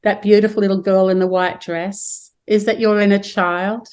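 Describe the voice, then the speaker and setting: A woman's voice: mid-range voice, level tone, normal speed, darkish tone, clear, resonant tone. An Australian woman hosting a spiritual podcast over a video call, speaking in soothing, gushing affirmations. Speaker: podcast host.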